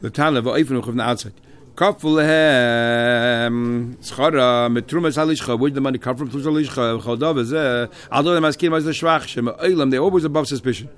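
In a fast-paced Talmud lesson, the male teacher alternates between reciting Hebrew and Aramaic and explaining it in English. His pitch is ordinary and mid-range.

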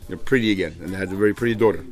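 A man with a deep voice teaches a Talmud shiur in English at a very fast pace, a crowd audible behind him. Explaining texts, he mixes in many Hebrew and Yiddish terms and often restarts his sentences.

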